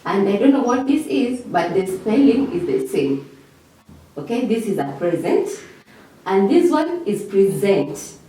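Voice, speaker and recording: A woman's voice: mid-range voice, big pitch swings, moderate pace, warm tone. A woman teaching an English revision lesson. She talks patiently and repeats each word for pronunciation drills, often checking in with "okay?". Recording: echoey room, voice from a distance.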